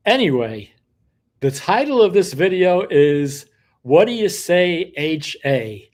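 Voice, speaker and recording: A man's voice: high-pitched, big pitch swings, slow pace, darkish tone. Older man telling rambling stories with wry asides. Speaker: host of his own commentary show. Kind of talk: casual monologue.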